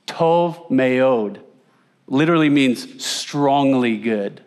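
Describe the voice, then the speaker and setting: A man's voice: mid-range voice, animated, drawn-out words, darkish tone, clean tone. A man teaching a conversational Bible lesson, asking his audience questions and repeating words for emphasis. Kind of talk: teaching sermon with slides.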